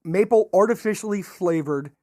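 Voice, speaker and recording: A podcast co-host in casual chat, playful and quick to laugh while bringing up odd foods. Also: mid-range voice, a little mellow, no room sound, clean studio sound.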